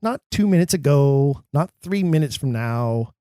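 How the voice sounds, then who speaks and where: A man's voice: a little high, expressive, unhurried, dark tone, dry recording. Emphatic man explaining verse, dry close sound. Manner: emphatic, theatrical, quotes verse dramatically. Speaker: podcast host. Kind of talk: scripted lecture on acting Shakespeare.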